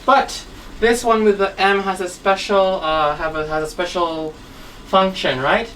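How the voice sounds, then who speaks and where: A woman's voice: medium pitch, steady tone, a little slow, fairly bright tone, recorded from a distance, a little hiss or hum, low-quality recording. A woman teaching an English grammar class, speaking patiently and often checking in with the class. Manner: patient, checks in with frequent "right?" and "okay?". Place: classroom with a whiteboard.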